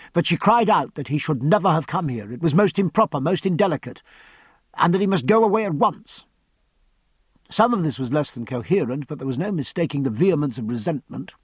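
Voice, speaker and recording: A man narrating a period novel as an audiobook, measured and even in his storytelling. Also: fairly high pitch, breathy edge, dry recording.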